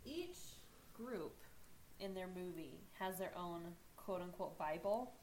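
A woman's voice: lowish voice, expressive, slow, very noisy. A woman co-hosting a podcast in casual chat, enthusiastic and laughing into her sentences.

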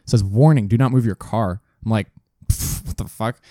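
A man's voice: lowish voice, normal speed, dark tone, no echo, clean studio sound. A man casually telling a rambling story on a podcast, swearing freely and correcting himself as he goes. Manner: rambling, profane, self-correcting. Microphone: studio desk mic.

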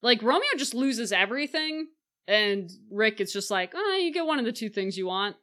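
A young woman co-hosting a podcast, recapping a movie in casual chat and acting out the characters in quick voices. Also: a little high, animated, pushed and bright. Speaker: podcast co-host.

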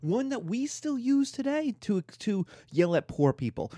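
A middle-aged man giving a lively, emphatic history lecture. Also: high voice, moderate pace, few pauses, dry recording, clean studio sound. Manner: animated, emphatic, mimics voices in quotes.

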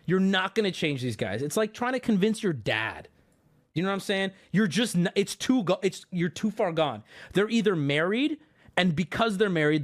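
A man in his thirties chatting on his livestream in a high, very lively voice. He rambles, swears freely and breaks into sudden shouts. His pitch swings all over the place. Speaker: livestream host. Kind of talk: casual stream chat.

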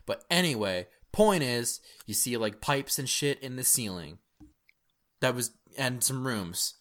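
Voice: mid-range voice, animated, unhurried, a bit bright. A game master casually narrating a tabletop role-playing game, laughing often.

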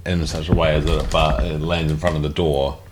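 Very deep, flat-voiced man gaming. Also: brisk, background noise. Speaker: player. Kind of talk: casual tabletop gaming.

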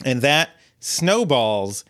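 Bright, clear-voiced male podcast host. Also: medium pitch, big pitch swings, extremely slow. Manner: rambling storyteller with many fillers and restarts. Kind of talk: casual podcast chat.

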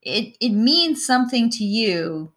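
A woman hosts a relaxed conversation, speaking slowly with a bright, forceful tone. She reflects on what her guest says and draws him out. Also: a little high. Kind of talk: casual chat.

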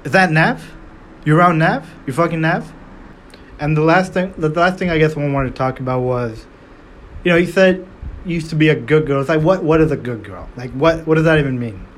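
A man's voice: a little high, a little fast, a little hiss or hum. A young man hosting a podcast, riffing sarcastically in casual comedic commentary, swearing freely and firing off rhetorical questions. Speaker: podcast host.

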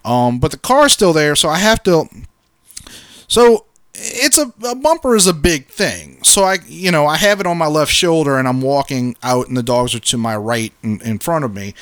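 A podcast co-host tells a story in casual chat, cursing freely and animatedly acting out what people said. His voice is fairly high, and the clean studio recording has no echo.

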